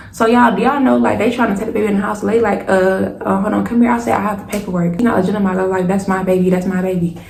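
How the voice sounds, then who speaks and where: A young woman tells a storytime to her viewers, speaking in a gravelly, level voice that stays fairly flat. She keeps acting out the dialogue and turning back to her audience, and her voice bounces around an echoey room with a faint hum behind it. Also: medium pitch. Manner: animated retelling with repeated "y'all" and quoted dialogue. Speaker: storytime vlogger.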